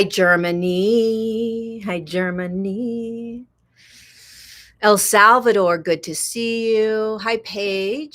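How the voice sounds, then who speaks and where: A woman hosting a casual spiritual livestream, chatty, greeting viewers by name and swinging from soft to excited. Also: fairly low pitch. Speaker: host. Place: indoors in Kenya.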